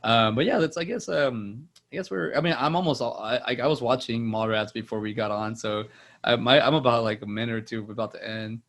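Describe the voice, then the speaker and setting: A man's voice: mid-range voice, fairly quick, fairly bright tone. A man in his thirties co-hosting a casual movie podcast, rambling with many fillers and restarts. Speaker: podcast co-host.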